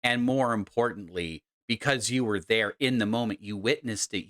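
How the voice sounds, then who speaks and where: A man narrating a tabletop role-playing game as game master, in a deliberate, halting way. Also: on the low side, fairly bright tone, dry recording, studio quality.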